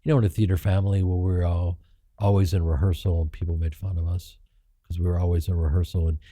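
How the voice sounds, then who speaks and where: A middle-aged man with a low, dark voice tells candid stories in an interview. He is animated and profane, and he jumps higher when he acts out the people he quotes. The sound is dry and close to the mic. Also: fast, no room sound. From Chicago, United States. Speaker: guest actor and comedian.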